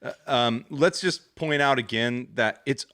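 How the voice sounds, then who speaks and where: A man's voice: medium pitch, measured pace, pushed and bright, no echo, clean studio sound. A man hosting a podcast, joking and teasing his co-hosts in casual chat. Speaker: podcast host.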